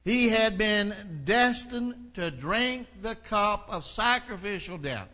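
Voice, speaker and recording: Man preaching a sermon, bright and forceful tone, earnest and building. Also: high voice, animated, slow pace. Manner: reads scripture aloud, then explains it in an earnest, building delivery. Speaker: pastor.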